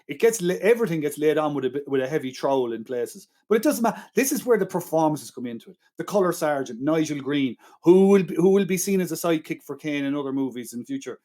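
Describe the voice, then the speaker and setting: Enthusiastic, argumentative man, slightly high voice. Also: lively intonation, fast talker, few pauses, dark tone. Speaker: podcast co-host. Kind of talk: casual film-review chat.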